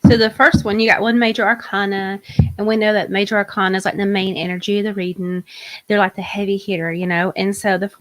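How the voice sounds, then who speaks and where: A woman's voice: mid-range voice, flat delivery, fast, a bit bright. A woman hosting a live tarot reading show, chatting casually and energetically with viewers. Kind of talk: casual live-stream chat.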